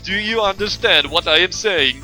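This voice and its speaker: A man's voice: high voice, expressive, normal speed, bright, forceful tone, voice pushed up, heavily acted. A man voicing an irritable, pompous male airline passenger in a put-on North European accent, reading game dialogue over game music. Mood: indignant. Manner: stiff, haughty, clipped declarations. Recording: game music playing underneath.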